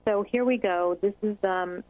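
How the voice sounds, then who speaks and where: A woman hosts a conversational interview, encouraging her guest and pausing often on fillers. The audio sounds muffled and bone dry, with no room around the voice. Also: mid-range voice, no room sound. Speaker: interview host, child anxiety specialist.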